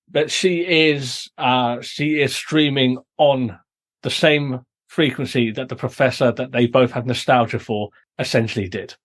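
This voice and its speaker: A British man hosting a podcast, explaining and recapping a story at length in casual review chat. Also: mid-range voice. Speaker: podcast host.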